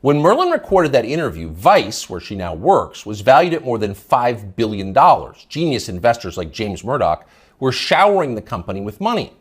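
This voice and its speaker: A man's voice: mid-range voice, very animated, normal speed, breathy edge. A man hosting a news commentary show, delivering a scornful, emphatic opinion monologue.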